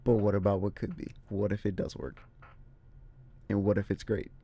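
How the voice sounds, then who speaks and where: A man hosting a casual solo movie talk, emphatic and animated, repeating his points. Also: on the low side, moderate pace, husky. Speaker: movie review host. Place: room with a squeaky chair.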